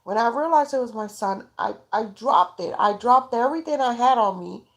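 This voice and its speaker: A woman's voice: a little high, expressive, moderate pace. A woman telling her own story as a mother, in raw, tearful, pleading testimony. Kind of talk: emotional personal testimony.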